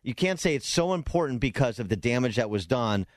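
A man's voice: mid-range voice, big pitch swings, brisk, dry recording, clean studio sound. A man hosting a political talk radio show, speaking emphatically and combatively with frequent restarts.

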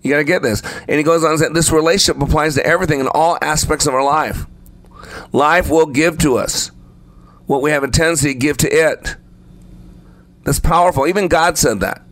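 A man's voice: on the high side, a little fast, fairly bright tone, dry recording. A man preaching a sermon, speaking emphatically and repeating phrases for effect. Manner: acts out the story voices while telling it.

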